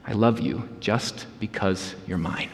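A man voicing a gentle, loving daddy squirrel in a soft, tender storybook reading. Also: mid-range voice, expressive, normal speed, in a large hall, voice pushed down, natural voice.

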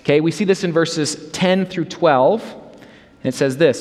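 A man's voice: a little high, moderate pace, darkish tone, big-room sound. A man preaching a sermon as a pastor, earnest and emphatic in a conversational way.

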